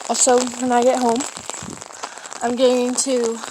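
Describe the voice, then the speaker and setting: A woman's voice: fairly high pitch, flat delivery, moderate pace. A teenage girl chatting and rambling into a handheld phone while walking her dog outside in the rain. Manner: rambling, giggly, chatty storytelling. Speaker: vlogger. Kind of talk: casual vlog chat. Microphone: handheld phone camera. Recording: rain noise over the voice. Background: rain on an umbrella.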